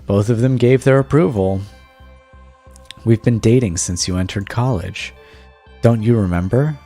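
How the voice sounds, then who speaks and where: A man's voice: on the low side, measured pace, warm tone, faint music behind. A man voicing a doting, possessive young wife while reading a text game aloud, in a plain, lightly acted tone. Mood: sweetly possessive.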